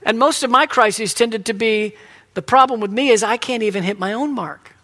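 A preacher delivering a confessional sermon, swinging between loud emphatic points and soft, near-whispered asides. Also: medium pitch, moderate pace.

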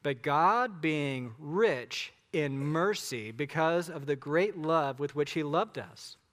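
Male pastor, slightly higher voice, emphatic conversational sermon, long echo of a church hall. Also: lively intonation, slow, a bit bright. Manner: emphatic, conversational preaching with rhetorical questions.

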